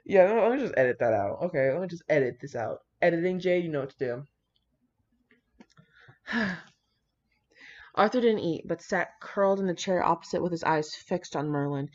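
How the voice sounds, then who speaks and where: A woman's voice: fairly low pitch, a little mellow. A young woman reading fan fiction aloud and breaking off into giggly, profane, gushing asides, on a dull lo-fi home recording. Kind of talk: casual reading and reacting.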